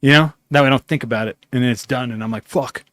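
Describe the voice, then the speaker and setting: Speaking fast in a medium-pitched, slightly bright voice with no echo, a man hosting a podcast spins a long, loose story full of profanity. He performs his own dialogue along the way in this casual chat.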